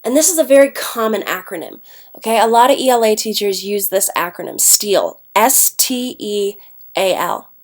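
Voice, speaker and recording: A stuffed-up woman from Ohio teaches a recorded lesson, her voice sitting at an ordinary middle pitch. She speaks in a chatty way and keeps checking in with "okay?" as she explains. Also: expressive, normal speed. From Ohio, United States. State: stuffed-up nose, congested. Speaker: English teacher. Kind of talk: recorded classroom lecture.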